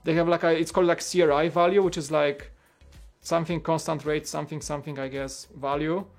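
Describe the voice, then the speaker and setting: Over soft background music, this livestream host talks fairly quickly with a slightly high voice and fairly even intonation. His casual chat rambles, heavy with "like" and restarts.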